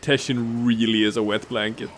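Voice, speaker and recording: A man's voice: mid-range voice, little pitch movement, normal speed, a bit bright, slight background noise. A man co-hosting a casual gaming let's play, explaining game mechanics and joking around. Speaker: co-host watching a gameplay let's play.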